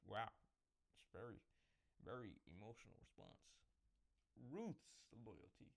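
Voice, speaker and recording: A man's voice: lowish voice, very animated, measured pace, gravelly, long pauses. A young man casually reading scripture aloud, stumbling over words and breaking off to make self-mocking jokes.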